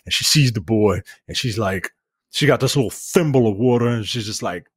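A man in casual podcast chat, talking through movie scenes with plenty of profanity. His voice sits on the low side. The sound is dry and close, with no room echo. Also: fairly quick, husky. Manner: profane, animated retelling of scenes. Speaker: film review podcast co-host.

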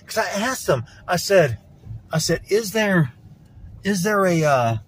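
A middle-aged man vlogs around a lake on a handheld phone, his fairly high voice sing-song and slow with long pauses and a little hiss or hum. He rambles in an aggrieved, accusatory tone, repeating himself over and over.

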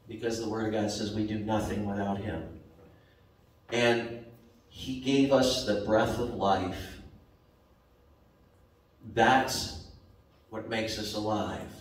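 A man preaching a sermon as pastor, slow and repetitive, rising sharply for emphasis. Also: mid-range voice. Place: church sanctuary. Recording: very echoey church hall, mic at a distance.

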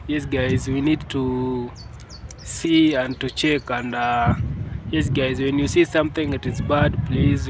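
A Kenyan man narrating a casual village vlog outdoors, hesitant with many fillers and frequent "yes, guys". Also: medium pitch. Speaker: vlogger. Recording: clear outdoor background noise.

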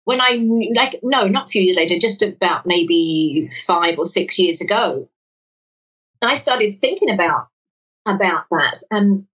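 A woman from the south-west London area, a guest in a podcast interview, telling stories in an animated way and acting out quoted dialogue. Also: on the low side, measured pace. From England, south-west London area. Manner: animated storytelling, acts out quoted dialogue, frequent restarts. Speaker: guest, lottery winner. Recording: dull sound from a distant mic.

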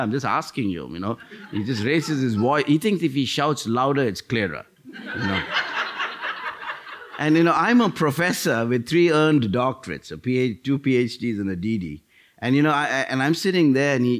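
A middle-aged man preaches in a church, his voice swinging widely through its range and leaping up high as he acts out quoted voices. He speaks at a mid pitch, with an animated storytelling drive. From India. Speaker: guest missionary preacher. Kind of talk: sermon. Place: church sanctuary.

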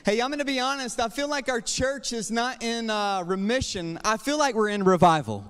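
A man's voice: very high voice, normal speed, a bit bright, smooth. A young man, a youth pastor, preaching a passionate sermon and telling a story with casual asides. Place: church sanctuary. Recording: long hall reverb, church sanctuary.

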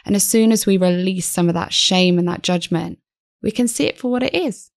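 A woman's voice: fairly low pitch, a little fast, dry recording, clean studio sound. A woman guest psychotherapist talking in a podcast interview, earnest and reflective, restarting her sentences often.

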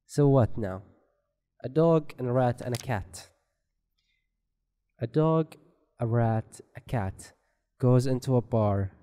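Slow, mellow-voiced man swearing through a game. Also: medium pitch, lively intonation, clear, resonant tone. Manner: joking, rambling, swears a lot. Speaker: gameplay commentator. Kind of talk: let's play horror game commentary.

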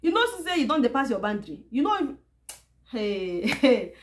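Woman vlogger, Nigerian Pidgin accent, high-pitched and sarcastic, keeps hammering the same line. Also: big pitch swings, normal speed. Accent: Nigerian Pidgin English. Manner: sarcastic, repetitive and emphatic. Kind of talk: casual monologue to camera.

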